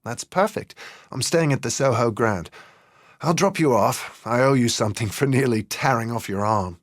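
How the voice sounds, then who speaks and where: Hörbuch: ein Mann als höflicher, etwas ängstlicher geschiedener Vater. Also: male voice, mid-range voice, lively intonation, normal speed, dry recording, studio quality, close to an everyday voice. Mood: polite. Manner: polite, slightly nervous. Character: anxious, polite divorced father, adult man.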